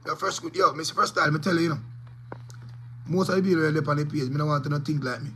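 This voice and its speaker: A man with a Jamaican accent rambles on in patois, cursing freely as he gives his take. His voice sits a bit high for a man and rings bright and forceful. Faint noise hums behind him. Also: little pitch movement, fast, low-quality recording. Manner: rambling patois talk peppered with curses. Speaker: DJ and vlogger. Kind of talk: casual commentary to camera.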